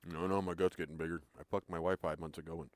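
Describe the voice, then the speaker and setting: A man voicing a bewildered pregnant man whose gut keeps growing, in a gruff, defensive mumble. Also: low-pitched, level tone, fast, no room sound, voice pushed down, lightly acted.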